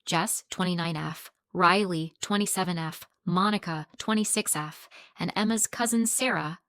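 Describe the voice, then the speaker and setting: A woman's voice: lowish voice, a bit bright, no room sound. Earnest young woman telling a story, dry sound. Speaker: story narrator. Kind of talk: reading a first-person online story.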